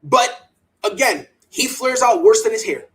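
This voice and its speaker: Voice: mid-range voice, expressive, a little slow, a bit bright, rough recording. A sports podcast host giving opinionated takes in a fired-up, emphatic way, often repeating words and mocking others in put-on quoted voices.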